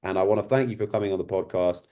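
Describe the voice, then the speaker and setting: A male podcast host with a low, mellow voice leads a casual interview. He phrases his questions hesitantly and often restarts his sentences. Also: very fast.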